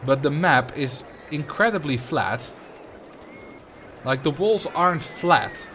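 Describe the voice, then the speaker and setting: A man's voice: fairly high pitch, lively intonation, slow, sharp tone, slight background noise. A man with a Dutch accent, chatting casually on a livestream while he builds in a game and answers viewers. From Netherlands. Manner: chatty, answers chat questions while playing. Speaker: streamer.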